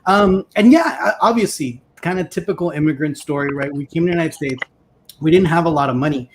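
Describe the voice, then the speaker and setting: A man from Mexico, a native Spanish speaker, telling his story in a relaxed, casual way and often checking in with "right?". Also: a little high, a little fast, slight background noise. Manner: relaxed, tags sentences with "right?". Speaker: guest panelist.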